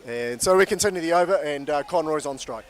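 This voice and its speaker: A man giving live cricket commentary in a relaxed, measured, chatty way. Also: a little high.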